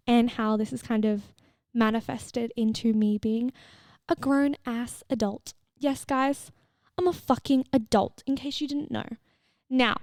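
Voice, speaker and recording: A young woman hosts a solo podcast with a somewhat high voice, chatting candidly and swearing freely. She is recorded close on a mic in a dry, dead room with no echo. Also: a little mellow. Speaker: podcast host and fitness coach. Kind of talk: casual solo podcast chat.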